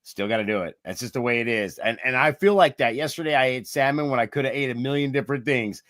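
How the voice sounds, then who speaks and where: Male co-host, mid-pitched, emphatic storyteller, dry close mic. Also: fast, a bit bright, no room sound. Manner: emphatic, tells anecdotes with quoted back-and-forth. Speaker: podcast co-host. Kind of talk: casual podcast chat.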